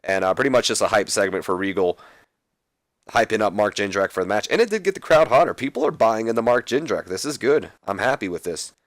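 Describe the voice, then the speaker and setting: A man's voice: fairly low pitch, lively intonation, fast talker, no echo. A young man casually recapping a wrestling game as a let's play host, rambling a little. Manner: casual, rambling, reads out scripted lines.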